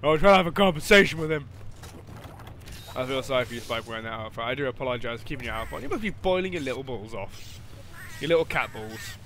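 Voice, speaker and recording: A young man giving live gameplay commentary, swinging from loud swearing outbursts to low muttering as he plays. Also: expressive, quick pace, a little hiss or hum. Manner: swears and yelps at the game. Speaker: gaming commentator.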